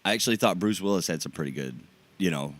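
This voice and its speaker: A man hosting a casual podcast, with a very deep voice. He talks in a relaxed, easygoing way and laughs often. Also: fast. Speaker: podcast host. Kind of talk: casual chat.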